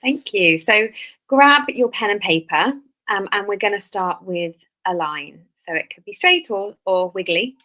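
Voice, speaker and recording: A woman's voice: mid-range voice, a little slow, low-quality recording. Female music session leader, easygoing webinar delivery, frequent fillers. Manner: relaxed, many ums. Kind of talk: webinar teaching.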